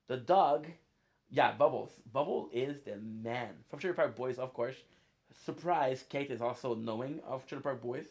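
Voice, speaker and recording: A man's voice: medium pitch, measured pace. A man streaming a game, chatting casually in a playful, rambling way. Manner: playful, rambling, laughs often. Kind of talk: casual chat while gaming.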